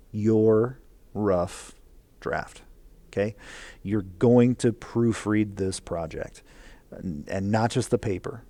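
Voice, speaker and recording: Male teacher, low gravelly voice, earnest and rambling, recorded instruction video. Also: a little mellow, no echo. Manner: rambling, filler-heavy, earnest and encouraging.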